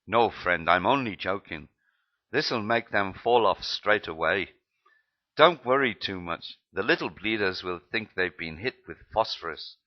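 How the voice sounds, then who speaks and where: A man's voice: low voice, animated, a little slow, muffled recording. A man voicing a brusque, mocking male army medic with a put-on Scottish accent. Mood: teasing. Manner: teasing, rough-spoken.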